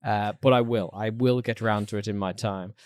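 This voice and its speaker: A man co-hosting a podcast in casual chat, animated and laughing often. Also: on the low side, a little fast, no echo. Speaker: podcast co-host.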